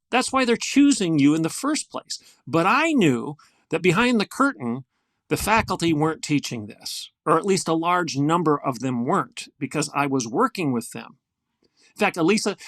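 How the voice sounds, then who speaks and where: Older male podcast guest, gravelly and fairly high-pitched, earnest and emphatic, dry close sound. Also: big pitch swings, moderate pace, a bit bright, no echo. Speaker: guest, former university president. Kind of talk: podcast interview storytelling.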